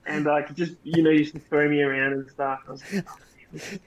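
A man's voice: on the high side, level tone, quick pace. An Australian man co-hosting a podcast, telling army stories in casual chat, swearing and laughing as he goes. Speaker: podcast co-host, army veteran. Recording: dull lo-fi sound.

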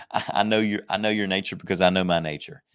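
A man preaching a sermon, emphatic and conversational, slowing down to stress scripture verses and joking with his listeners. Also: low-pitched, fairly even intonation, a bit bright, clean tone. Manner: jokes and laughs with the congregation.

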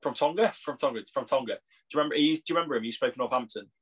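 A young English man trading banter on a podcast, mid-pitched and laughing a lot. He jokes, teases and keeps things easygoing. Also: racing, a bit bright, husky. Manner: jokey, laughs often. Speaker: podcast co-host. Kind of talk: casual chat.

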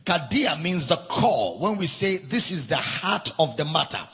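A man's voice: on the high side, sing-song, unhurried, fairly bright tone, slightly rough. A man preaching a sermon at a church camp meeting, stressing and repeating key phrases and spelling out words for note-takers. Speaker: pastor.

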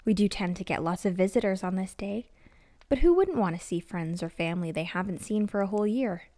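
A woman narrates a dark story with calm, measured pacing. Her voice is mellow and warm. The recording is close and dry. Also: mid-range voice, no room sound. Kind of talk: scripted horror narration.

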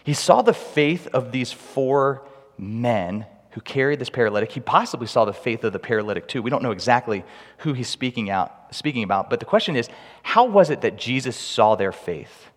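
Male pastor, sermon, animated and lively with humor; long hall reverb. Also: mid-range voice, normal speed.

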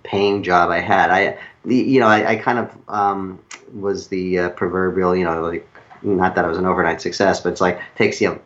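Low-voiced New Yorker, rambling storyteller. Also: male voice, steady tone, a bit bright, lo-fi sound. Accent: New York. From New York. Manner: rambling, self-correcting, halting storyteller. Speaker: guest screenwriter. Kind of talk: casual interview storytelling.

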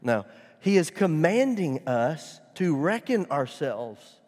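Pastor, man, slightly high voice, emphatic sermon delivery with wry asides, long hall echo. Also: very animated, takes it slowly, darkish tone. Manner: preaching with rising, emphatic bursts and humorous asides.

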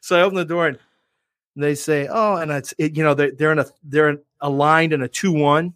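A man hosting a podcast, telling a story in an animated, profane, self-mocking way. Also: a little high, a little fast, dry recording, studio quality. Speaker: podcast and radio host. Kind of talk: casual chat, storytelling.

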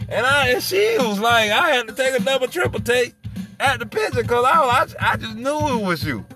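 A man's voice: very high voice, big pitch swings, fairly quick. A man hosting an internet radio show, riffing in a profane, rambling comedic monologue and laughing at his own jokes. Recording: music playing underneath. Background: music.

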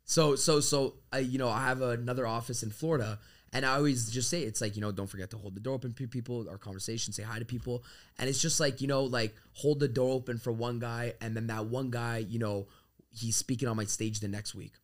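A man's voice: medium pitch, brisk. A man from Canada, a podcast guest, talking energetically and swearing freely as he tells stories from his working life. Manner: energetic, profane, storytelling. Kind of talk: casual podcast conversation.

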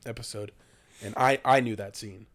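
A man's voice: fairly low pitch, fairly even intonation, moderate pace. A man co-hosting a podcast, talking casually with small hesitations and repeated words. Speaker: podcast co-host. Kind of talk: casual movie-discussion chat.

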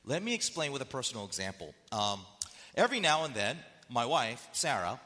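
Bright-voiced pastor in a reverberant hall. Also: male voice, fairly high pitch. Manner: conversational, repeats key phrases. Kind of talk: sermon.

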